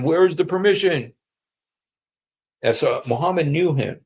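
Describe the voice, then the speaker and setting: A man's voice: a little high, expressive, moderate pace, gravelly, husky. A man hosting a casual livestream, talking in a sarcastic, mocking way and repeating himself for emphasis. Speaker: livestream host.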